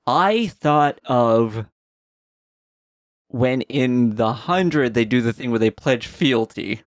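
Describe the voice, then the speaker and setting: A man's voice: medium pitch, animated, slow pace, no echo, studio quality. A man co-hosting a podcast in casual chat, rambling and laughing often. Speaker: podcast co-host.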